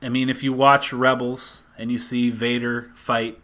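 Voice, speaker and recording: A man with a bright, forceful voice retells a comic book story in a casual chat. He talks in an animated way and acts out the characters' lines as he goes. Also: mid-range voice, a little slow.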